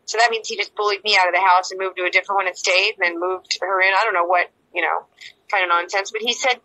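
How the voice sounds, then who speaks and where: A woman's voice: medium pitch, fairly even intonation, quick pace, sharp tone, slight background noise, low-quality recording. A woman interview guest giving an emotional personal account, rambling and repeating herself as she acts out quoted dialogue.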